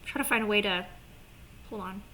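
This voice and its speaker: A woman vlogger chatting casually to camera, animated and swearing, with lots of "like" fillers. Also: mid-range voice, fairly quick, slight background noise.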